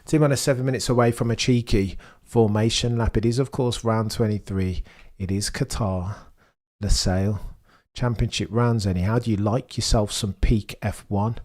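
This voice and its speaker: A young man hosting a live watchalong stream, chatting excitedly with his viewers and bantering as he goes. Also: lowish voice, normal speed.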